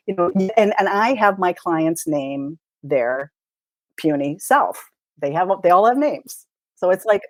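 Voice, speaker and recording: A woman's voice: mid-range voice, lively intonation, normal speed, darkish tone, no echo. A middle-aged woman, a mindset coach, talking brashly and casually in an interview and swearing freely.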